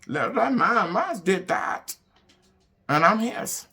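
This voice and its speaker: A woman, hosting a casual motivational talk for her viewers, animated and emphatic, swinging between loud bursts and hushed asides. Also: mid-range voice, slow. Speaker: online show host.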